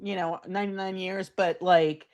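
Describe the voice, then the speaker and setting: A woman's voice: on the low side, flat delivery, moderate pace, darkish tone. A woman co-hosting a comedic news chat, chatty and teasing, with rambling asides. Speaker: co-host.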